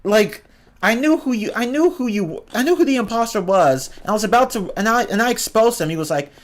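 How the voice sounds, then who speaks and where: Annoyed guy venting, kinda high voice, cursing a lot and tripping over his words. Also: lively intonation, fairly quick. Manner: exasperated, swears a lot, stumbles and restarts. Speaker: streamer ranting about online games. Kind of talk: casual profane rant.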